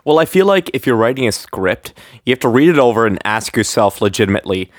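A man's voice: mid-range voice, lively intonation, fast, dry recording, studio quality. A young man co-hosting a podcast in casual, joking chat, laughing often. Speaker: podcast co-host.

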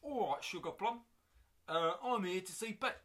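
A man's voice: high voice, lively intonation, moderate pace, sharp tone, voice pushed up. A man voicing a brash male footballer with a put-on Cockney accent. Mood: chirpy.

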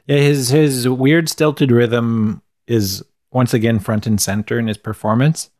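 A man's voice: mid-range voice, steady tone, measured pace, darkish tone, no echo, clean studio sound. A man co-hosting a podcast, talking about films in an easygoing, wry and agreeable way. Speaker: podcast co-host. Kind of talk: casual film-discussion chat.

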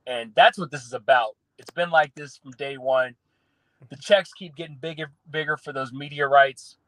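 Southern guy ranting about college sports, fairly high voice, dry close mic, keeps restarting his sentences. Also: normal speed, no room sound, poor audio. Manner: opinionated, animated, restarts phrases. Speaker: sports radio guest. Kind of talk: casual sports talk.

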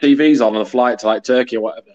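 A man co-hosting a podcast over a phone, chatting in a quick, offhand, joking way. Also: medium pitch, a little mellow. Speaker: podcast co-host. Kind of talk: casual chat. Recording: dull lo-fi phone audio.

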